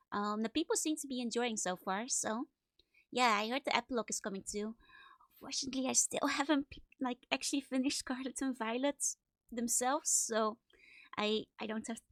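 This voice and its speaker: Giggly high-voiced woman streamer, stuffy nose. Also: a bit bright, dry recording, studio quality. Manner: bubbly, giggly, repeats greetings in sing-song runs. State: slightly stuffy nose from a cold; sleepy. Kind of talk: casual live-stream chat greeting viewers.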